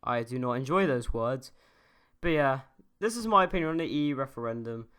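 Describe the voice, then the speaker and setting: A young man rants to his camera in a loose, rambling way, swearing freely and tripping over fillers and restarts. His voice sits at an ordinary middle pitch for a man. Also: lively intonation, a little fast, fairly bright tone, clean tone. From United Kingdom. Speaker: YouTuber. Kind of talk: casual opinion rant.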